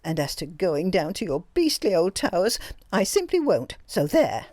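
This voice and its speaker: A woman reading an audiobook voices a timid young female secretary who turns petulant and stubbornly defiant, in a high, shrill voice. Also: very animated, moderate pace, a little mellow, no room sound, clean studio sound. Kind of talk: audiobook character voice.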